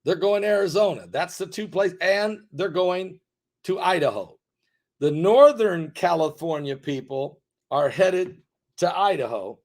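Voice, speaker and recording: A middle-aged man from the United States delivers a fervent monologue straight to his viewers, with a voice sitting a little high for a man. He stacks words into long rhythmic lists and repeats himself for effect. His level climbs to sharp peaks, then falls to hushed, confiding asides. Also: animated. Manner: rapid lists with repetition, swings from loud rises to quiet asides. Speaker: online preacher and commentator. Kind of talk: emphatic direct-to-camera monologue.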